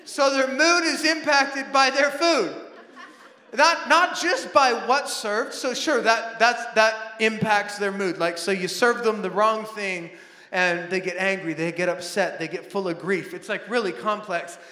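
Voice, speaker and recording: A man in his thirties preaching a sermon in a church, animated, acting out family scenes with bursts of shouting. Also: high voice, unhurried. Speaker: pastor. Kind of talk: sermon with storytelling. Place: large church auditorium. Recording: echoey hall with long reverb.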